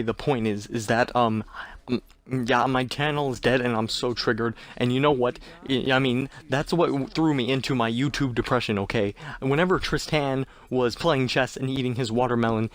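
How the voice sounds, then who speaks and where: Teen youtuber guy ranting deadpan, fake-triggered, mid voice. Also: mid-range voice. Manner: mock-angry ranting, deadpan. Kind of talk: sarcastic comedy rant.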